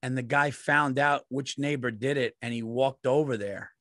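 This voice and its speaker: A man co-hosting a comedy podcast, telling profane neighborhood anecdotes in relaxed, casual chat. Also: medium pitch, moderate pace, no room sound, studio quality. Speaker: podcast co-host.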